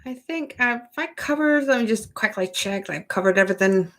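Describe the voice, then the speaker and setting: A woman's voice: mid-range voice, lively intonation, a little fast, fairly bright tone. Effusive woman hosting a live Q&A. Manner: chatty and effusive, replying to viewer comments by name. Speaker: spiritual workshop host. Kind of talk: casual live-stream Q&A.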